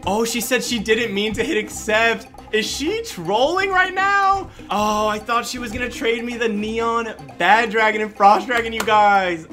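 A man hosting a gaming channel, giving excited gameplay commentary, squealing and gasping as he talks to his viewers. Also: high-pitched, moderate pace. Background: background music.

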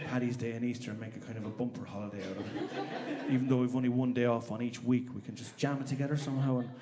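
A man with an Irish accent performing a stand-up comedy set in a club, animated and sweary, acting out characters. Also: mid-range voice, fast, noisy background. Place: comedy club with a live audience. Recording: live club with crowd laughter.

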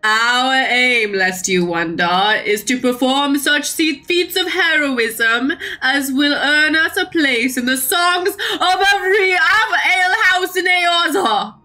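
A woman voicing a lofty, passionate male adventurer leader in a game, with grandiose, theatrical speech that climbs toward shouting. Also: medium pitch, takes it slowly, soft background music. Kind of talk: playful game character voice-over.

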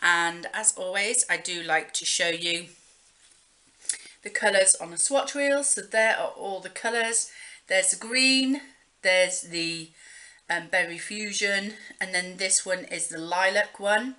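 A woman's voice: mid-range voice, takes it slowly, pushed and bright. A young woman chatting casually as she shows off gifts she got in the mail, rambling with lots of fillers. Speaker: beauty vlogger. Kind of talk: casual show-and-tell chat.

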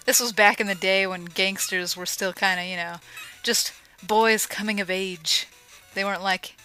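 A woman giving casual, joking commentary over a retro game she is playing, with sarcastic asides and excited yelps. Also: on the low side, rough recording. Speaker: let's play commentator. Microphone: home microphone.

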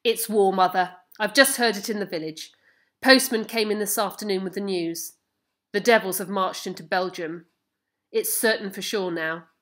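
A woman reading aloud as a blustering, patriotic middle-aged farmer who calls out loudly. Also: medium pitch, moderate pace, natural voice. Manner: loud, boastful, shouting. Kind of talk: storybook reading.

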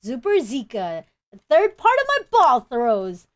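A young woman commenting as she plays a video game, excitable, shrieking and groaning as she wins and fails. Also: high-pitched, measured pace. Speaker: gaming YouTuber. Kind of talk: let's play commentary.

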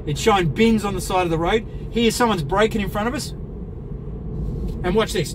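A middle-aged man talks in a fairly high voice from the driver's seat of a moving car. His asides are casual, wry and a bit crude. Road noise hums clearly beneath him. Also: moderate pace. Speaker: car reviewer driving. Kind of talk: casual talk while driving.

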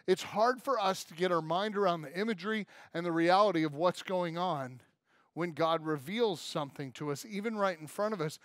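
A male pastor delivers a sermon in a high-pitched voice. He tells it in an animated, storytelling way, acting out the puzzled reactions of his listeners. The sound is close and dry, with no room echo.

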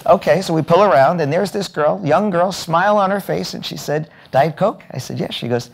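At a hotel event, a keynote speaker delivers an animated storytelling talk, acting out each person's lines in his anecdotes. His voice is on the high side, slightly rough with vocal fry, at a moderate pace.

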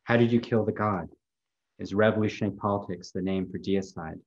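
A man giving a poetry reading, delivering a long, measured, incantatory run of questions. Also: lowish voice, fairly even intonation, highs cut off. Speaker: poet.

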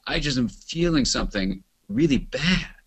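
A man doing a hushed old male client. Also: mid-range voice, animated, slightly rough, pitched above the performer's own voice. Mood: sad. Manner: hushed, halting, searching for words. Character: elderly male therapy client, soft and tearful.

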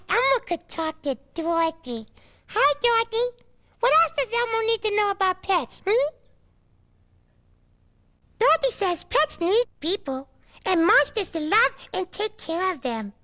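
Squeaky high furry monster kid, super bouncy singsong, slow and careful, bright. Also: male voice, big pitch swings, heavily acted. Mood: excited. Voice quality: squeaky falsetto. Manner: speaks of himself in third person, giggly. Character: cheerful small furry red monster boy. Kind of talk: children's TV puppet show.

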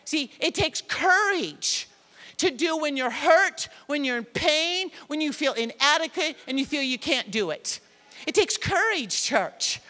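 High-voiced woman preaching in reverberant church. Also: a little slow. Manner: animated, self-deprecating, acts out quotes. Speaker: pastor. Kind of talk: sermon. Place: church sanctuary with a congregation.

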